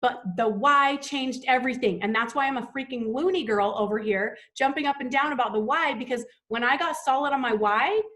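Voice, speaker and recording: A woman's voice: high voice, fairly quick, hardly any pauses, fairly bright tone. A woman hosting a sales team call, talking in an enthusiastic, gushing, motivational way.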